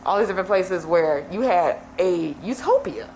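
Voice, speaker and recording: A woman's voice: on the low side, lively intonation, moderate pace, a little mellow. A woman co-hosting a casual podcast discussion, emphatic and repeating phrases for effect. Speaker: podcast co-host. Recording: echoey room with faint hiss.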